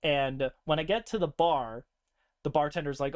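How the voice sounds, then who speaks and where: A young man co-hosting a podcast, casually recounting a tabletop game session with lively laughter. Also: moderate pace. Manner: animated, laughing often, breaks into high-pitched character voices. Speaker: podcast co-host.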